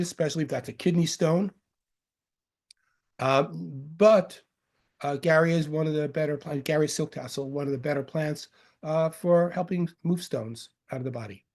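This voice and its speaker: This man from Long Island, New York, has a faint local accent and a fairly high, slightly mellow voice at a moderate pace. He gives an informal lecture on medicinal herbs, rambling and joking, correcting himself and using fillers.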